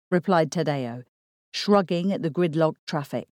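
Woman, audiobook narrator, measured even reading, low mellow voice, dry close recording. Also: no room sound. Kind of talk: scripted narration.

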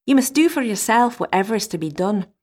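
A woman's voice: medium pitch, very animated, quick pace, a little mellow. A woman voicing a blunt travelling fiddler who scolds his new wife, in a storybook reading. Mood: scolding. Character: gruff travelling fiddler, a disguised king.

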